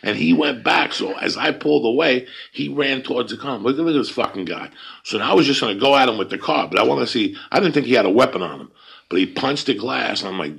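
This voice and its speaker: A man hosting a podcast, telling a story in a casual, profane, animated way. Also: medium pitch, fast talker, gravelly, slightly rough. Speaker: podcast host.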